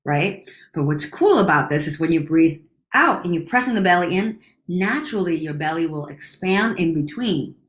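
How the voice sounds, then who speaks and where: A woman leading a guided breathing exercise, counting breaths slowly and calmly, at times softening almost to a whisper. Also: lowish voice, echoey room. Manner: calm, slow counting of breaths, dropping to near whispers. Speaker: breathing instructor.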